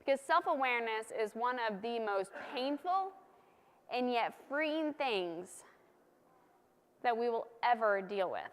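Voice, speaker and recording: A woman's voice: on the high side, lively intonation, measured pace, slight background noise. Playful woman preacher in a reverberant church. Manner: conversational, playful, emphatic repetition. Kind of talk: sermon.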